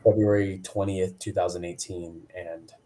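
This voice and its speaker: A man's voice: sits low, flat delivery, normal speed, warm tone. A man in his thirties, a wrestler guest, chatting casually on a video call and acting out quotes in shifting voices. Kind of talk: casual storytelling chat.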